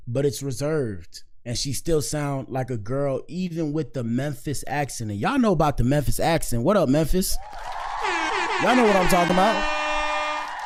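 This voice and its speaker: A man from Miami hosting a casual reaction show, rambling in slang and giving frequent shout-outs. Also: fairly high pitch. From Miami, Florida. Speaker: commentary show host.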